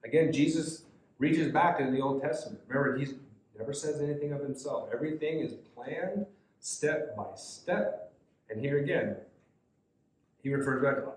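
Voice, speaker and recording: A man's voice: a little high, normal speed, pauses often. A man leading a youth Bible study, reading scripture aloud and explaining it in a conversational way. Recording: echoey room.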